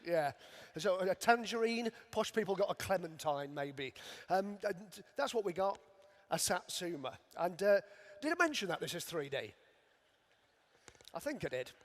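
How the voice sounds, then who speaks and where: A middle-aged man, a magician, doing dry, self-mocking comic patter on a stage. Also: high voice. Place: large arena stage. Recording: long arena reverb.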